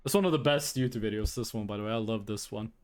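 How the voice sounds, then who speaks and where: A man's voice: on the low side, quick pace, music in the background. A man from Norway with a Norwegian accent, chatting casually on a live stream, laughing, swearing and rambling as he reacts to clips.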